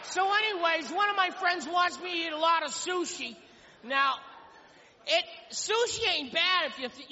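Brief: male stand-up comic, very high voice, rambling self-mocking stories, dull live recording in a big reverberant room. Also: sharp tone, slight background noise. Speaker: stand-up comedian. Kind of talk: stand-up comedy routine. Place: comedy stage before a live audience. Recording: lo-fi live club recording with hall echo and crowd.

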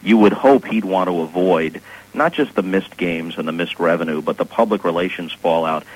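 A man's voice: deep voice, normal speed, low-quality recording. A middle-aged man, a sportscaster guest, telling stories and giving opinions in a casual, articulate way with dry humor, heard over a radio broadcast. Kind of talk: casual interview chat.

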